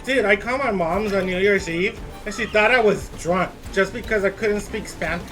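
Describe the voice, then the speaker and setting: A man's voice: high voice, moderate pace, a bit bright, soft background music. A man live-streaming casually while walking and gaming, playful and teasing, laughing often and slipping into Spanish phrases.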